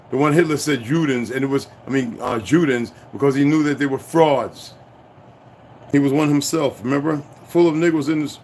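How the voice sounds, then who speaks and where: A man's voice: a little high, a little hiss or hum. Blunt, profane man ranting at home. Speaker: channel host. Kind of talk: casual rant and reading aloud.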